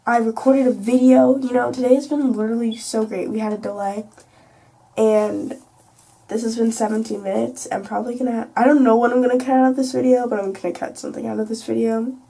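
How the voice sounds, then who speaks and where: Teen girl vlogger, chatty filler-heavy rant, higher mellow voice, off-mic sound. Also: level tone, a little fast, vocal fry, slightly rough. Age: teens. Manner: rambling, filler-heavy, swears freely. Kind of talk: casual late-night storytime rant. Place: at home. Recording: distant mic, faint background hiss.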